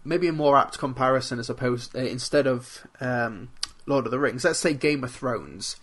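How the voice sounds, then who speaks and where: A young man co-hosting a movie podcast, making points in a measured, analytical way. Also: mid-range voice, a bit bright. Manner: measured, analytical, building arguments. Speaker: podcast co-host. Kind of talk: casual chat.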